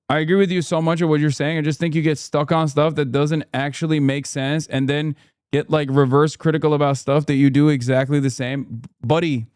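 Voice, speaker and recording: A man's voice: fairly high pitch, darkish tone, clean tone, no echo, studio quality. A man streaming live, reacting to a video and talking to chat with sarcastic, profane commentary.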